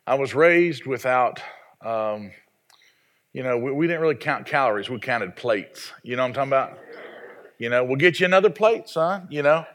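A man's voice: mid-range voice, normal speed, a bit bright. A man in his forties from the American South, a pastor preaching a sermon in a folksy, self-deprecating storytelling way. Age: 40s.

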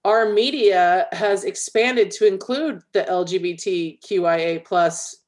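Mid-pitched woman reasoning in casual chat. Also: unhurried, a little mellow. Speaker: podcast co-host.

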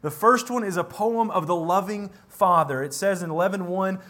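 A man preaching a sermon and reading scripture aloud, emphatic, swinging between loud stresses and hushed moments. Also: sits high, moderate pace.

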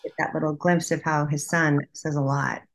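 Low-pitched woman, earnest, halting, repeats herself in casual chat. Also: level tone. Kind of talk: casual conversation.

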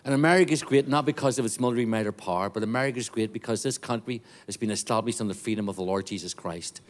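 A man's voice: on the low side, very fast. A middle-aged man with a Northern Irish accent, a guest missionary preaching a joking, fervent sermon to a church congregation. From Northern Ireland. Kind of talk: sermon with jokes.

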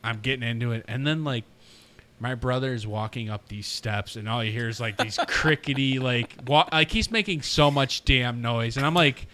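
A man's voice: medium pitch, moderate pace, pushed and bright. A man co-hosting a podcast, chatting casually and rambling through stories with many fillers. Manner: rambling, lots of fillers and restarts. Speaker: podcast co-host. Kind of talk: casual chat.

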